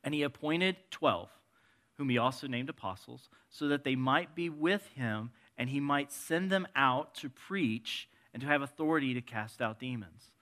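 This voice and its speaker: A man preaching a sermon in a conversational way, moving between soft and emphatic delivery and reading scripture passages aloud. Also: mid-range voice, expressive, normal speed.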